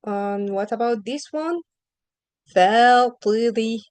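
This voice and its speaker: A woman's voice: on the high side, expressive, slow pace, a little mellow, no echo, rough recording. A woman teaching Arabic reading in an online lesson, asking questions patiently and stretching out the example sounds.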